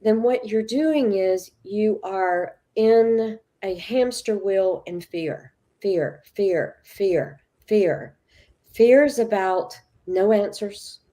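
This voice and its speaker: Warm-voiced woman teaching with animated stories. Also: mid-range voice, extremely slow. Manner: emphatic, acts out quoted dialogue. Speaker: spiritual teacher guest. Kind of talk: animated storytelling talk.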